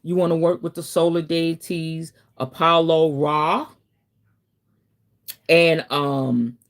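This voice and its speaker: A woman with a somewhat low voice hosts a relaxed teaching stream. She talks directly to her viewers in an easy, chatty way. Now and then she breaks into dramatic, animated asides. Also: slow pace. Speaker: host, spiritual teacher. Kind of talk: casual livestream teaching.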